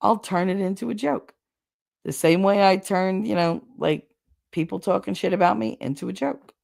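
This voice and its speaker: A woman's voice: mid-range voice, moderate pace, vocal fry, darkish tone. A middle-aged woman chatting casually on a live stream, candid and wry, venting with sarcastic asides. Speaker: streamer hosting a chat.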